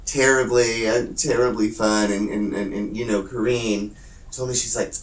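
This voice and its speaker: Guy gossiping and acting out people in squeaky shouts, echoey room. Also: moderate pace. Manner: animated storyteller, acts out quoted people in high shouts. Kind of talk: casual chat. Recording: roomy echo.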